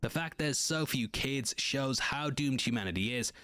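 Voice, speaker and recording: Measured man narrating a dry breakdown. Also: medium pitch, fairly bright tone, no echo. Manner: measured, analytical. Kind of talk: scripted narration.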